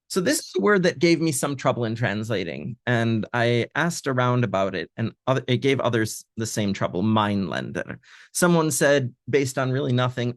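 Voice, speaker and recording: A man's voice: medium pitch, moderate pace, dry recording, studio quality. Hesitant man explaining a translation. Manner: thoughtful, hesitant, many fillers. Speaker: translator leading a community reading. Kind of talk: online lecture with reading. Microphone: video call.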